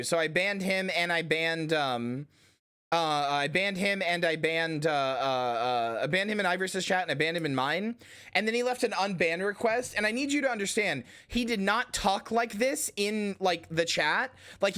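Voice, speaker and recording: A woman streamer telling a story in casual stream chat, animated and rambling, and swearing casually. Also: on the low side.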